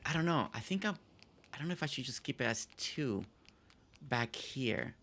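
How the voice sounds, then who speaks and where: A man's voice: mid-range voice, expressive, moderate pace, fairly bright tone. A man from Puerto Rico hosting a casual game stream, chatting in a rambling way with lots of fillers. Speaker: streamer host.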